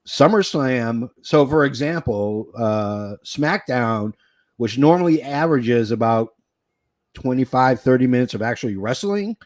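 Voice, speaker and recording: A man co-hosting a wrestling podcast in casual chat, excitable and joking, rambling with fillers. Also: mid-range voice, measured pace, dry recording. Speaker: podcast co-host.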